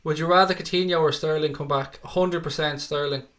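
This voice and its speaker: A man's voice: a little high, fairly even intonation, fairly quick, a bit bright. A man from Dublin with an Irish accent, hosting a live football watchalong, chatting casually, swearing freely and reading viewer comments aloud between bits of match commentary. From Ireland. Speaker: livestream host.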